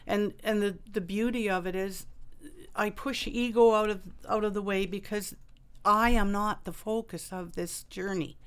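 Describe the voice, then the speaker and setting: A woman author telling a personal story in a radio interview, halting and full of fillers and restarts. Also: mid-range voice, steady tone, smooth. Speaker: author and guest.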